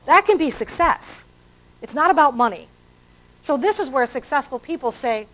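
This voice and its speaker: A woman's voice: high voice, lively intonation, moderate pace. A woman giving a motivational talk to a live audience, acting out inner voices and asking the audience questions. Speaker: motivational speaker. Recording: tinny, phone-like audio.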